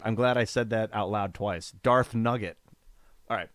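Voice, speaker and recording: A man commentating his own card game on a live stream, thinking aloud about his moves in a casual, profane way and getting excited when thanking viewers. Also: lowish voice, normal speed, no echo. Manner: reads out donor names with rising excitement.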